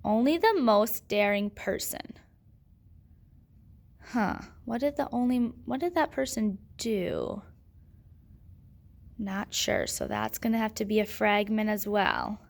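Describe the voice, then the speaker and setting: Woman, teacher, slow patient explaining, gravelly voice, grammar lesson. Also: medium pitch, big pitch swings. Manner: slow, patient teacher, asking and answering her own questions.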